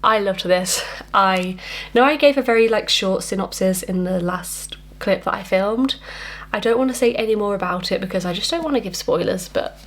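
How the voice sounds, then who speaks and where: A woman's voice: medium pitch, moderate pace. Chatty woman doing a book vlog. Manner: chatty and enthusiastic, rambling with fillers. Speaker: book vlogger. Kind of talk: casual reading vlog chat. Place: at home.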